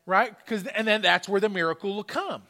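A man's voice: high voice, a little fast, pushed and bright. A man pastor preaching a sermon in a church, telling a testimony and repeating his points with emphasis. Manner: testimony storytelling, repetitive emphatic exhortation. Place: church sanctuary.

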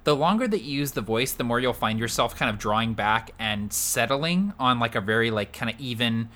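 A man in a casual podcast chat, animated and rambling, full of fillers. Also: medium pitch, a little fast. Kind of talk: casual chat about voicing game characters.

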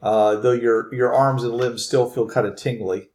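A man in the game master's seat, narrating a scene with a halting, restart-filled delivery. His voice sits at a middling pitch and rings in an echoey room. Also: steady tone, darkish tone.

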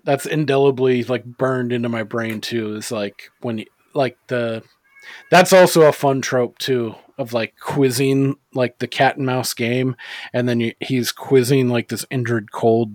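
A man's voice: medium pitch, no echo. A man co-hosting a casual movie podcast, rambling with lots of fillers and swearing freely. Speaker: podcast co-host.

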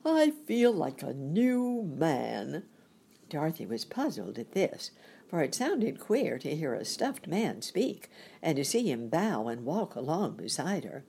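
Slow, husky woman narrating a storybook. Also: low voice. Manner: slow, expressive, measured reading. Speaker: audiobook narrator.

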